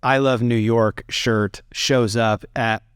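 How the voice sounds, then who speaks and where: A man's voice: medium pitch, steady tone, slow pace, clear, resonant tone, no echo, clean studio sound. A man hosting a podcast interview, asking questions in a casual, encouraging way. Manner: friendly, lots of fillers and restarts, encouraging reactions. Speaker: podcast host.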